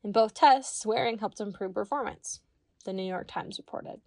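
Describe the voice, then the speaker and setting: A woman's voice: mid-range voice, moderate pace, gravelly, a little mellow, no echo. A young woman co-hosting a casual podcast chat, reading out study findings and riffing on them jokingly. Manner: laid-back, reads facts then riffs jokingly. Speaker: podcast co-host.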